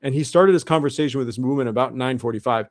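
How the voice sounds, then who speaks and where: Male guest, earnest and halting, middle pitch, dry recording. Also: no echo. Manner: earnest, repeats and restarts often. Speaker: guest researcher. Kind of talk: interview monologue.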